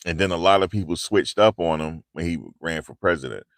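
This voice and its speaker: A man from the tri-state area around New York runs a livestream, chatting casually, cracking jokes and reading and answering the chat. He speaks fairly quickly in a low-pitched voice into a handheld lavalier clip mic, recorded at studio quality without room sound.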